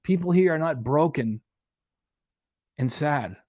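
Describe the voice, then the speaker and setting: Guy ranting on his reaction channel, fired up, kinda high voice, dry close sound. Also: animated, takes it slowly, a little mellow, dry recording. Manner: indignant, emphatic, repeats points. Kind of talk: casual commentary rant.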